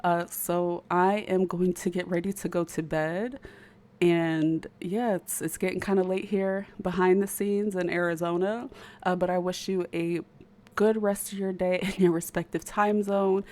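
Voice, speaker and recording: A woman's voice: fairly low pitch, little pitch movement, a little slow, dark tone. A young woman with a speech impediment, chatting casually to her viewers as a YouTuber. She rambles and stutters with frequent restarts.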